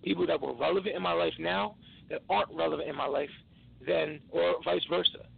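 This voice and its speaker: Gravelly man on a tinny phone line. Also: a little high, fairly even intonation. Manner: earnest, halting, many restarts. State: tired. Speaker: podcast guest. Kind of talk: emotional personal storytelling.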